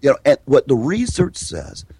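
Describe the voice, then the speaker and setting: A middle-aged man, a hypnosis trainer and guest, telling stories in an animated way and acting out the voices of the people in them. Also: mid-range voice, moderate pace, slightly rough, no room sound. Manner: lively, acts out the voices of people in his stories. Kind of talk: animated storytelling in a podcast interview.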